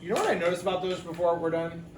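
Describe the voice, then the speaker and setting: A man's voice: a little high, steady tone, rapid-fire. A man teaching a phonics lesson, patiently sounding out letters for children. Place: classroom. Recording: echoey room, mic far off, background noise.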